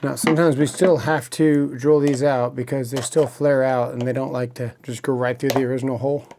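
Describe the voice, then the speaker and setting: A man's voice: medium pitch, little pitch movement, a little fast, noisy background. A man casually showing his work pouch and tools, talking as he works and a little out of breath. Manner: casual, talks while working with hands. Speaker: electrician tool reviewer. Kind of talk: casual tool demo. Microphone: small wireless clip mic.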